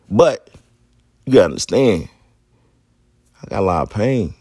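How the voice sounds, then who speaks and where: Deep gravelly guy on his podcast, swearing a lot, real candid, dry close sound. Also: sing-song, measured pace, a little mellow, dry recording. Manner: blunt, profane street talk. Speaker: podcast host. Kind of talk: candid personal monologue.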